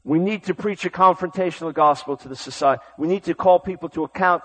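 A man preaching a sermon with urgent, impassioned delivery, swinging from loud exhortation to hushed storytelling. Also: fairly high pitch, quick pace, rough recording.

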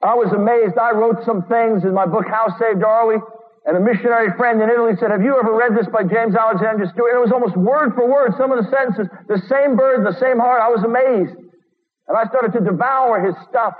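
A man with a very high voice preaches an earnest, urgent sermon. He reads quotes aloud and slips in sarcastic asides. The sound is a thin, phone-like radio broadcast with long hall reverb.

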